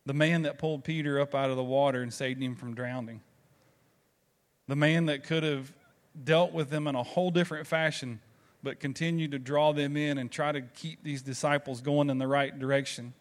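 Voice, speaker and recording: A man's voice: mid-range voice, steady tone, normal speed. A man with a Southern American accent preaching a sermon, telling stories conversationally and throwing rhetorical questions to the congregation. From Southern United States. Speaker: pastor.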